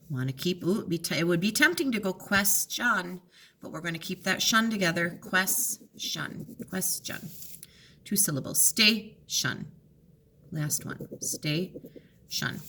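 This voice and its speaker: A woman teaching a recorded lesson, going over test answers in an encouraging, explanatory way and drawing words out slowly to split them into syllables. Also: deep voice, a bit bright, a little hiss or hum. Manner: slow, drawn-out enunciation of words to split into syllables.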